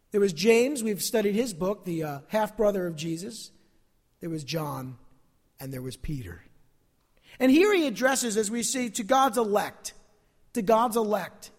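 A male pastor preaching a sermon, asking the congregation questions and calling out "amen?". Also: very high-pitched. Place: church service. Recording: long hall reverb.

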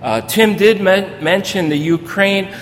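An older man preaching as a pastor, telling personal stories in a folksy, storytelling way that grows animated in places. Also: measured pace. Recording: reverberant hall with faint rumble.

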